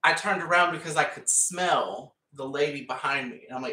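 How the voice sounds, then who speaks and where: This man's voice sits on the high side, moving at a normal speed with a pushed, bright quality. He's a painting vlogger, rambling and laughing a lot as he chats over his work, picked up by a distant mic in a room full of echo.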